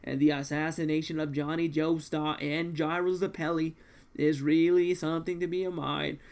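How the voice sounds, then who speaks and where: A man voicing a calm, scheming president in a manga read-along, speaking slowly and commandingly. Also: a little high, close to an everyday voice. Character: calm scheming male president, cold and measured.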